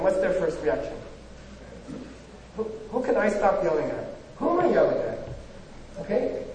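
High-voiced man lecturing in an echoey hall. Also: darkish tone, recorded from a distance, slight background noise. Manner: conversational, rhetorical questions, frequent "you know". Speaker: spiritual teacher. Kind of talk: informal lecture.

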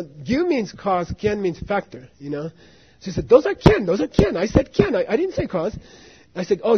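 Husky high-voiced man telling a rambling story. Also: lo-fi sound. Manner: rambling, full of "you know" and "you see what I mean". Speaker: dharma teacher. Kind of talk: storytelling talk to students.

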